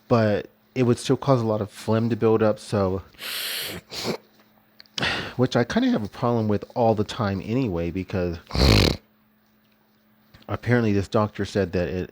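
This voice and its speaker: A man's voice: on the low side, darkish tone. A man talking in a loose, rambling religious vlog monologue, chuckling often as he goes. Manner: loose, rambling delivery with frequent restarts. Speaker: vlogger.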